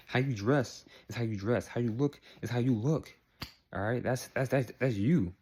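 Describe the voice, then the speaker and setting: A man's voice: medium pitch, normal speed, darkish tone, breathy edge. A man vlogging in a casual, rambling way, repeating phrases and checking in with the viewer. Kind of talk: casual talk to camera.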